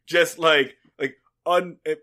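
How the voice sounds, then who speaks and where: Male co-host, a touch high and bright, wry and amused delivery. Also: fairly even intonation, slow pace. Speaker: podcast co-host. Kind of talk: casual chat recapping a sitcom episode.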